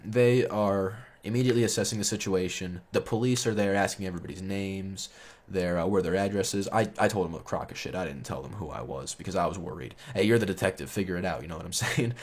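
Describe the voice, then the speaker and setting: A man's voice: low voice, quick pace. A man telling a story in a casual, rambling, profane way, chuckling as he goes. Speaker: storyteller host.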